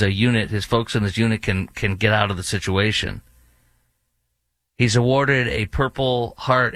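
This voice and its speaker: A man's voice: mid-range voice, fairly bright tone, no room sound. A man hosting a talk radio show, ranting indignantly with sarcastic asides. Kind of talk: opinionated radio commentary.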